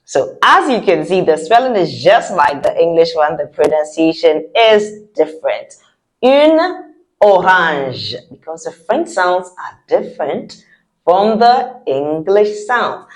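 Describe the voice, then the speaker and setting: A woman teaching French vocabulary, saying each word slowly and lifting her voice on the articles. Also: lively intonation. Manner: slow drawn-out model words with high lifted articles. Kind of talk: repeat-after-me vocabulary lesson.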